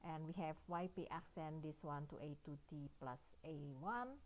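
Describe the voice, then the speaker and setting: A woman's voice: sits low, expressive, moderate pace. A woman with an Indonesian accent giving a recorded math lecture, working through each step and often checking in with "yeah" and "right?".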